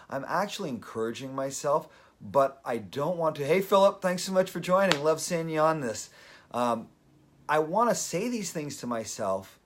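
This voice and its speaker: A man hosting a daily live video, talking earnestly and openly emotional as he gives motivational advice. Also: medium pitch. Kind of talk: motivational live-stream talk.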